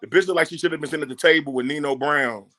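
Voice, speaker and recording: A man's voice: a little high, racing. A man on a casual podcast who tells stories with lots of swearing and acts out the voices of the people in them. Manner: animated, profane storyteller who acts out quotes.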